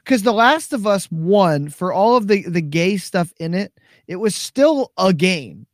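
A man's voice: sits high, a little slow, dry recording, studio quality. A man co-hosting a podcast, chatting animatedly and acting out quotes. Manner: animated, quotes others in funny voices. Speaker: podcast co-host. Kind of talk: casual chat.

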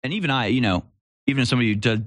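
A man's voice: mid-range voice, very fast, fairly bright tone, no echo. Rambling male commentary host, dry sound. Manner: rambling, with frequent restarts and sarcastic asides. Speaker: host of a live commentary show. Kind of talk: casual opinion commentary.

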